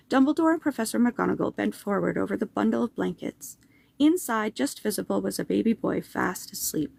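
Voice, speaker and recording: A woman reading a children's book chapter aloud, steady and unhurried. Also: medium pitch, creaky, dry recording. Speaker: storyteller.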